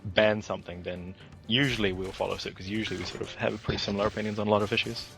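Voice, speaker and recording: New Zealand guest, brisk and chatty, low register. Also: male voice, steady tone, vocal fry, a bit bright, faint music behind. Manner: chatty, explains at length, laughs easily. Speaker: podcast guest. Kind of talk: casual chat over gameplay.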